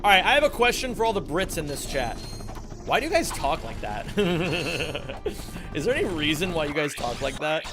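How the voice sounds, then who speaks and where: Guy streaming a speedrun, high lively voice, jokey and swears a lot, music going behind him. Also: normal speed. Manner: playful, joking, swears at himself. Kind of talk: casual livestream commentary. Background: music playing.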